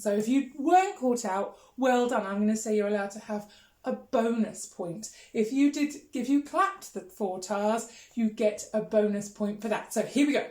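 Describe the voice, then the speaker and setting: A woman's voice: fairly high pitch, lively intonation, moderate pace, a little mellow, reverberant, slight background noise. A woman teaching an online music lesson, encouraging and singing rhythms with her class. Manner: encouraging, sings and claps rhythms.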